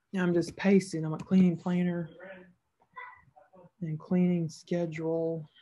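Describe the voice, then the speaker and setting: A woman's voice: lowish voice, a little mellow. A woman narrating a screen-recorded tutorial as an online seller, casual and thinking aloud as she clicks through each step.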